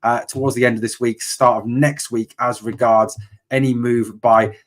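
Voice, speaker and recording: A man hosts a casual live-stream question-and-answer session, taking viewers' questions one by one. His voice sits at an ordinary middle pitch. He talks in a hesitant, opinionated way, full of fillers and restarts. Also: flat delivery, moderate pace. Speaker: host of a fan channel live Q&A.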